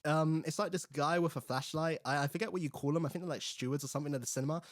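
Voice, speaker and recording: A young man hosting a casual film review, chatty and animated, acting out the characters' lines. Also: on the high side, rapid-fire, dry recording, studio quality. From England. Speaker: host.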